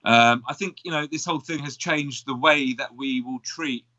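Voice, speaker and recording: A man in casual podcast chat, talking in a quick, blunt and teasing way. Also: mid-range voice, pushed and bright, dull audio. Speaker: podcast co-host.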